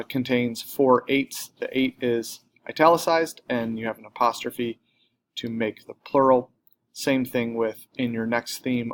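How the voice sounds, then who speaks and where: A man's voice: medium pitch, a little hiss or hum. A man teaching a recorded grammar lesson, explaining plainly step by step, with an occasional filler or self-correction.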